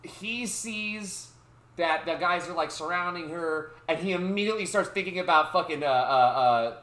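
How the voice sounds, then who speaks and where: Guy co-hosting a podcast, kinda high voice, gets hyped and swears a ton, echoey room. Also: moderate pace. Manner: excitable, swears a lot, acts out scenes in funny voices. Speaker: podcast co-host. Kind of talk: casual chat.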